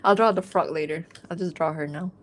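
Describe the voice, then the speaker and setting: A woman's voice: fairly low pitch, fairly quick. Young woman streamer, rambling and chatty, laughs easily, light background hiss. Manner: rambling, chatty, many "like" fillers, laughs often. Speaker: artist streaming a drawing Q&A. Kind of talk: casual livestream chat while drawing.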